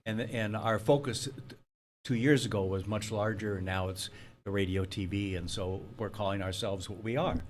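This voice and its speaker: Talk radio host guy, kinda low voice, chatty, lots of okays and rights. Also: fairly even intonation, slight background noise. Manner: chatty, affirming, quick to joke. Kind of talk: casual interview talk.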